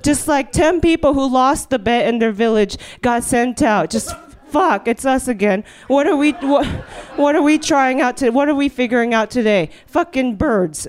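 A young woman doing a rambling stand-up monologue on stage, then hosting a live comedy show. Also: sits high. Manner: rambling, riffing, full of "you know". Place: stage before a live audience.

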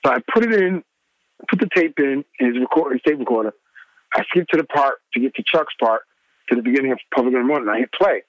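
Lively storytelling man, dry close sound. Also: a little fast, dry recording, dull audio. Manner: acts out quoted people with big pitch swings. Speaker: guest, former radio DJ. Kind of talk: animated storytelling in an interview.

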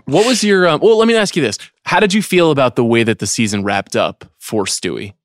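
A man hosting a podcast, asking brisk questions of his guests. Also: mid-range voice, no room sound, studio quality. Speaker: podcast host. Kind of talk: casual interview.

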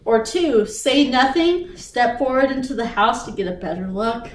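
Lively woman reading a story aloud, roomy sound. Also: a little high, normal speed, a little hiss or hum. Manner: animated reading, laughs often, breaks off to chat. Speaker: podcast co-host reading a gamebook aloud. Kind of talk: casual read-aloud storytelling. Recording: roomy echo, distant from the mic.

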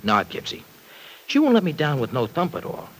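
A brash, self-pitying young ex-con in an old radio drama, speaking in gruff street slang. His pitch swings widely as he grumbles and pushes back. A faint hiss runs under the old broadcast recording. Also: huge pitch swings, a little fast, rough recording. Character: brash young ex-con man, tough and bitter. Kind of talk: 1940s radio acting.

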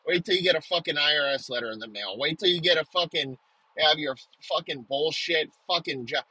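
A man's voice: fairly high pitch, fairly quick, bright, forceful tone, slightly rough, no echo, poor audio. A man delivering an aggressive comedic rant, swearing nonstop and hurling insults.

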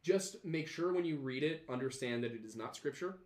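A man's voice: mid-range voice, expressive, a little fast, darkish tone. Guy hosting a podcast, reading comments, lots of ums and restarts, roomy echo. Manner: rambling, hesitant, lots of fillers and restarts. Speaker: podcast host. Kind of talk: casual chat, reading viewer comments.

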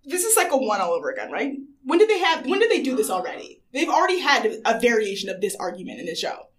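Young female podcast co-host, casual, slightly higher voice, quick laughs, lots of "like". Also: very animated, far from the mic. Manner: chatty, laughs often, fillers like "like". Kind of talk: casual chat recapping a TV show.

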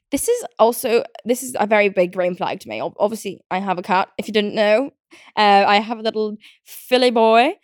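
A woman's voice: mid-range voice, no echo, clean studio sound. A young British woman hosting a podcast, chatting casually and ranting in a riled-up way, with lots of fillers, swearing and frequent laughter. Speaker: podcast host. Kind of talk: casual chat.

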